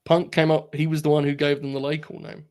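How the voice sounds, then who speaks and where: A relaxed male co-host in easygoing podcast banter. His voice sits slightly higher than most men's, and he laughs easily. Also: quick pace. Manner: laid-back, laughs easily. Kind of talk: casual podcast chat.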